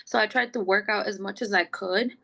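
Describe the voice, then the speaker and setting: A young woman with a gravelly, fry-edged voice talks through her pregnancy as a podcast guest. She is chatty and open, leaning on "like" and laughing easily. Her pitch sits in an ordinary middle range. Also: fairly even intonation, brisk, sharp tone. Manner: chatty, fills speech with "like", laughs often; gets emotional and open. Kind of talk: casual personal storytelling.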